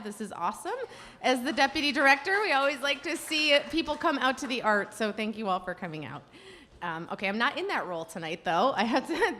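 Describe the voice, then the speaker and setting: A woman telling a self-deprecating personal story on stage at a live storytelling event, animated and self-mocking. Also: fairly high pitch, slight background noise.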